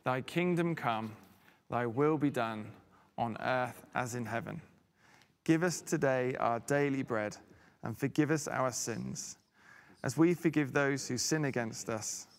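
A man leading a church in prayer, reciting each phrase slowly and evenly. His mid-pitched voice sounds distant, with a long church reverb trailing behind it. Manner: slow, measured recitation.

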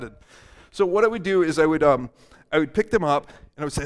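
A man's voice: a little high, animated, fast. A middle-aged male pastor preaching a sermon in a casual, humorous, conversational way in a church. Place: church hall. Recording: long hall reverb.

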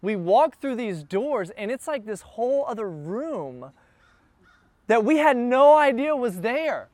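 A man telling a casual travel story, chatty and getting more excited as he goes. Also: very high voice, a little slow, no echo.

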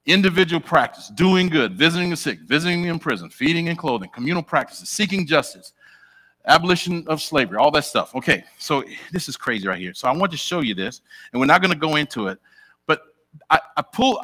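A middle-aged man preaching a sermon in a church, chatting directly with his congregation and asking them questions. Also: on the high side. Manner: animated, conversational, talks directly with the congregation.

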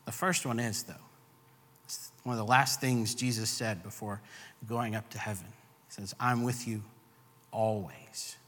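Male pastor, earnest preacher who builds on repetition; bright, forceful voice in a reverberant hall. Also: on the low side, fairly even intonation, measured pace, pauses often. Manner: earnest, builds emphasis with repeated phrases. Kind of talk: sermon.

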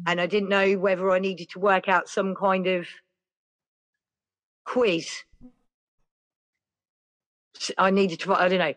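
A woman telling a personal story in a rambling, chatty way, full of "like" and "yeah". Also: mid-range voice. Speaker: podcast guest. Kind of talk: casual storytelling.

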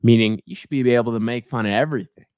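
A man's voice: mid-range voice, fast talker, dry recording, highs cut off. A young man co-hosting a podcast in casual, joking chat. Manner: joking, animated. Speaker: podcast co-host.

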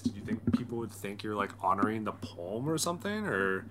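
A man's voice: fairly low pitch, animated, brisk, few pauses, heavy background noise. A young man co-hosting a podcast in casual chat, rambling with lots of fillers. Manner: rambling, filler-heavy, restarts often. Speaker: podcast co-host.

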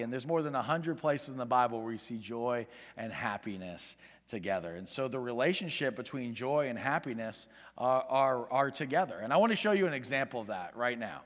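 An earnest male pastor preaching to his congregation, pleading with them and then rising in volume to drive a point home. His voice sits at an ordinary middle pitch. The sound carries a long reverb from a large church sanctuary. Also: a little fast. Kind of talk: sermon.

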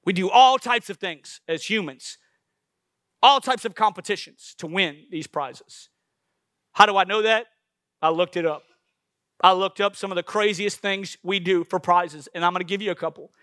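A man preaching a sermon, swinging between loud bursts and hushed asides. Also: sits high, normal speed, no echo, studio quality.

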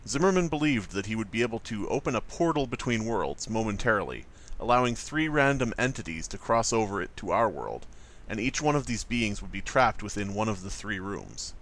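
A man's voice: lowish voice, fairly quick. A man co-hosting a podcast, reading a story aloud and joking around with friends. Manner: playful, jokey, animated. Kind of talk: casual group chat and story reading.

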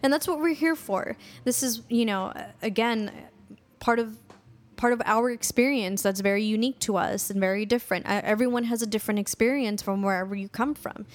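A woman's voice: on the high side, fairly quick. A young adult woman from a Salvadoran American background, co-hosting a podcast in casual chat, talking freely with many fillers and restarts. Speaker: podcast co-host.

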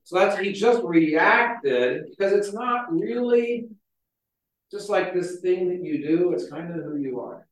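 A man's voice: sits high, expressive, measured pace. A man preaching a casual, conversational sermon, telling stories with a lot of filler words. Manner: chatty, storytelling, frequent "like" fillers. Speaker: pastor. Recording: very echoey hall, mic far off.

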